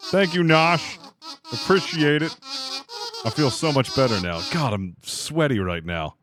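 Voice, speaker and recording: A man streaming a game live, talking to his crew and chat, swearing freely and quick to vent his frustration. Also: medium pitch, animated, background noise. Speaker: livestreamer. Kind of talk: live gaming commentary.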